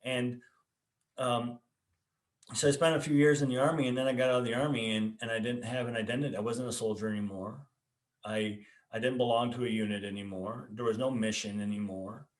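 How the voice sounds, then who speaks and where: An earnest man in the role of a pastor, telling his own story in a mid-pitched voice. He speaks conversationally, often repeating words as he restarts. The room around him rings noticeably. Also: steady tone, fairly quick. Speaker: pastor and podcast host. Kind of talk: personal testimony in casual conversation. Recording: echoey room.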